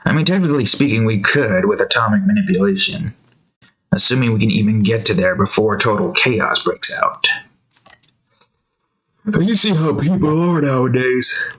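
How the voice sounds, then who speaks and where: A man's voice: mid-range voice, expressive, moderate pace, fairly bright tone, poor audio. Rambling casual young man. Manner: rambling, loose, wanders between topics and scolds his cat. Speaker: art vlogger. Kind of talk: casual rambling monologue while drawing.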